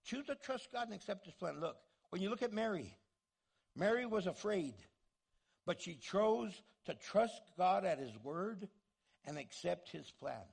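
A man pastor preaching a sermon in an animated way, acting out the voices he quotes. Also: sits high, unhurried, creaky, husky.

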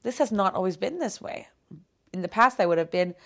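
A young woman rambles through a casual solo podcast just after waking up, sleepy and yawning. She is self-deprecating and full of fillers, and at times she sinks to a whisper. Her voice sits at medium pitch with lots of gravelly vocal fry. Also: expressive, a little fast. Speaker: podcast host.

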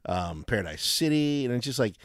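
A man co-hosting a casual podcast, rambling and animated with lots of fillers. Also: mid-range voice, fairly quick, dry recording, studio quality. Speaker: podcast co-host. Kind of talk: casual chat.

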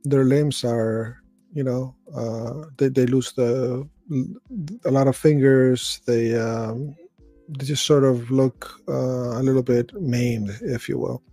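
Host, middle-aged man, dark gravelly voice, dry close mic, casual read-aloud with asides. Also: mid-range voice, steady tone, slow pace, no room sound, soft background music. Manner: reads aloud with slips and restarts, adds asides. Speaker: host reading and reacting to stories.

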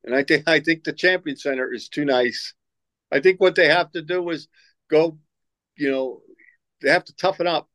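An older man who used to coach basketball answers interview questions with rambling stories, repeating words and acting out what people said. His voice is on the high side and fairly bright, at a moderate pace. The recording is rough, with no room sound.

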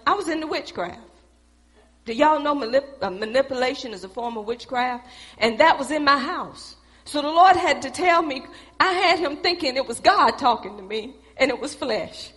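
A middle-aged woman telling a preached testimony, speaking in an animated storytelling way and calling out to her audience. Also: sits high, normal speed.

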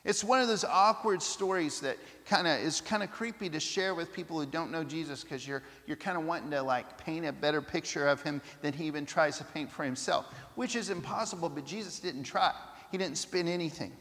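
Guy preaching a sermon, kinda high voice, lots of hall echo, acts out little quotes. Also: a little fast, fairly bright tone.

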